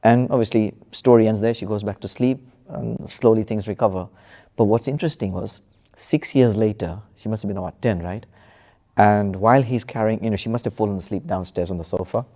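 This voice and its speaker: A man's voice: lowish voice, brisk, warm tone. A man telling a true story as a podcast guest, hesitant, with many fillers and restarts. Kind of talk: casual storytelling in conversation.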